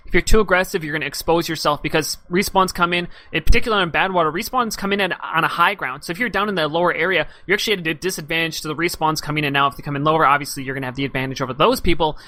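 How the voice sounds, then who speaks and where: A man doing live esports commentary as caster, giving fast analytical play-by-play while slightly losing his voice. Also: a little high, sharp tone.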